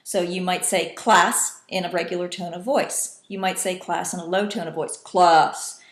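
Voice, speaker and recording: A woman's voice: on the low side, fairly even intonation, normal speed, a bit bright. A woman teacher walks other teachers through a classroom routine, patient and instructional. She sometimes acts out calls in different voices. The room around her is echoey. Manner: patient, demonstrating call-and-response in varied voices.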